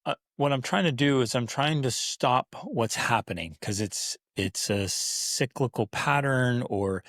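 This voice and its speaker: Animated gravelly-voiced male podcast host. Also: medium pitch, measured pace, no echo, studio quality. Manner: animated, acts out kids and parents in playful voices. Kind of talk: casual parenting podcast talk.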